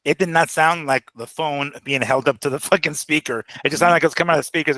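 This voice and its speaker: Bright, excitable man talking boxing. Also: medium pitch, very fast, few pauses, no echo, rough recording. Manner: animated, excitable, swears freely. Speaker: boxing show co-host. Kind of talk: casual chat.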